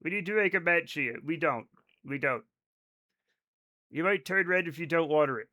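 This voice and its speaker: An excitable man with a high, bright voice chats casually with his stream viewers while he plays. He swears freely and keeps drifting into rambling asides. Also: normal speed. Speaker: livestreamer playing a space game. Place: home at night.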